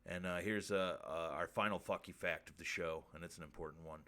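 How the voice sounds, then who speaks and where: A man hosting a crude comedy stream show, reading odd facts and pleading with viewers in a deadpan way. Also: low-pitched, brisk. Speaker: host.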